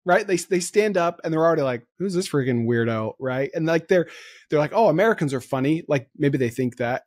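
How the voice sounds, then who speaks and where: Excitable male podcast host, dry sound. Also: fairly high pitch, dry recording. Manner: excitable, laughs easily, rapid riffing. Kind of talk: casual chat.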